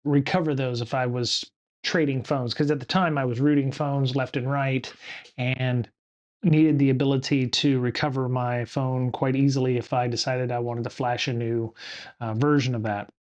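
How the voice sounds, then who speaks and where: A man's voice: medium pitch, fairly even intonation, normal speed, highs cut off. A middle-aged man hosting a solo live stream, talking casually and rambling with many fillers and self-corrections. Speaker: podcast host streaming solo.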